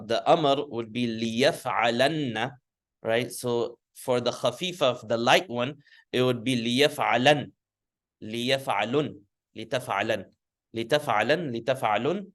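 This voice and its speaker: A man teaching a grammar lesson in a classroom lecture style. He speaks patiently, restating his points often, with frequent fillers and restarts. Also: mid-range voice. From United States. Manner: patient, repeats and reformulates points with many fillers.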